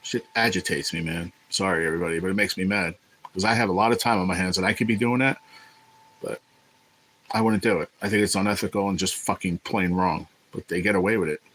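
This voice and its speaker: A man's voice: deep voice, steady tone, quick pace, a bit bright, rough recording. A man hosting a casual livestream, talking in a blunt, profane, irritated way. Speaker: livestream host.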